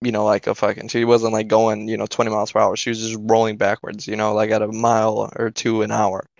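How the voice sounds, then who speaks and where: A man's voice: lowish voice, completely flat delivery, quick pace, creaky, no echo. A man co-hosting a podcast, telling a story in a casual, profane way, full of fillers and "right?". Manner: profane, filler-heavy, keeps asking "right?". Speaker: podcast co-host. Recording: dull lo-fi dry recording.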